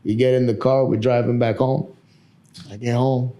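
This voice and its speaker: A man's voice: mid-range voice, moderate pace. A man in his thirties, a barber guest on a podcast, telling a story in casual chat and acting out the people he quotes. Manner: animated storyteller who acts out the people he quotes.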